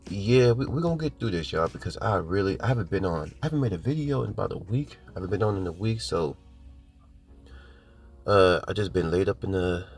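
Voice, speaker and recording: A man hosting his podcast, hoarse from a cold, rambling and boastful as he talks straight to his listeners. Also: low voice, a little mellow. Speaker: podcast host. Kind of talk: casual podcast monologue.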